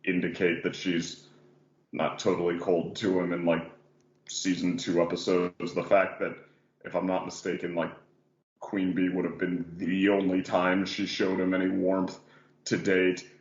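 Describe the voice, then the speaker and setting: A man's voice: low voice, monotone, a little slow, roomy sound, dull audio. A man hosting a casual podcast about animation, rambling with lots of fillers. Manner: rambling, many "like" and "yeah" fillers. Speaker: podcast host.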